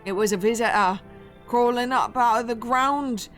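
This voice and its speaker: Woman putting on a gruff old grave digger. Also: a little high, normal speed, fairly bright tone, soft background music, voice pushed up, lightly acted. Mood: spooked. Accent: British-sounding put-on. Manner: rough folksy drawl, stumbling over words.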